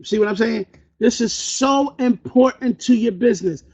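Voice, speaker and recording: High-voiced fast-talking sales trainer man. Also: darkish tone, husky. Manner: fast, call-and-response, acts out phone calls. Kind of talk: energetic motivational training talk. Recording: dull lo-fi recording.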